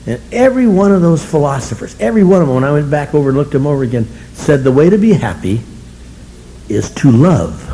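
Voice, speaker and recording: A man's voice: fairly high pitch, big pitch swings, fast, dark tone, a little hiss or hum, low-quality recording. An older man speaking to a recovery meeting audience, blunt and self-mocking, chuckling as he tells his story. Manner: wry, self-mocking humor, chuckling often; blunt, colorful language.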